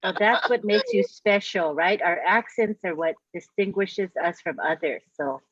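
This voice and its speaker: A woman's voice: medium pitch, expressive, moderate pace, dry recording. A woman hosts a webinar, asking friendly, encouraging questions in a casual way. Her voice sits in a middle range and comes through dry and muffled, as on a video call.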